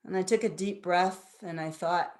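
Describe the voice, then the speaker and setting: A woman's voice: on the low side, normal speed. A woman in her fifties giving a personal storytelling talk as a guest speaker at a spiritual center, earnest and reflective. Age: 50s.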